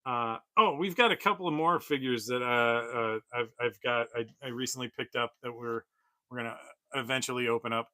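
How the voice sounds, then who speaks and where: Forties male streamer, loose rambling chat with plenty of "uh"s and chuckles, bright, forward voice, dry close sound. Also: mid-range voice, fairly quick, dry recording. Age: 40s. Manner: rambling, chuckling, many fillers. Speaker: toy collector streamer. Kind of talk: casual livestream chat.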